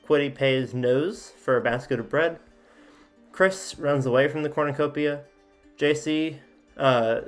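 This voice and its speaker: A man with an ordinary mid-range voice hosts a casual sports commentary, reading event after event aloud. He fills gaps with "uh" and drops offhand remarks in between. Faint music plays quietly behind him. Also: mid-range voice. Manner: reads events aloud with frequent "uh" fillers and asides. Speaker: sports YouTuber.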